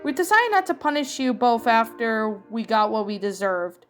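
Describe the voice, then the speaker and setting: A woman's voice: a little high, normal speed, faint music behind, lightly acted. A woman reading a cartoon mother's sad, apologetic lines in a fan story. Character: Rita, middle-aged mother, apologetic.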